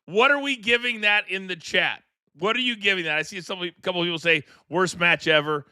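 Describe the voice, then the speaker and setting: A middle-aged man hosting a live wrestling watchalong, ranting in animated, incredulous commentary from a studio mic. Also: high-pitched, brisk, dry recording. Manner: animated, incredulous, rambling rants. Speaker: host.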